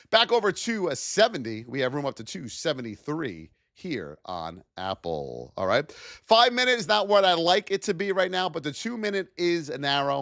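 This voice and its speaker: Lively man calling out market levels. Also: a little high, vocal fry, no room sound, studio quality. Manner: energetic and playful, chats with viewers. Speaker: trading educator streaming live. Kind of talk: live stream market commentary.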